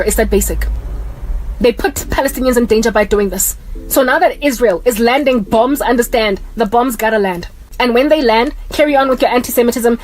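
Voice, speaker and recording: A woman delivering an impassioned religious monologue in an emphatic, preachy way. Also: fairly high pitch. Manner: emphatic, preachy, rapid-fire talk. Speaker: Christian vlogger.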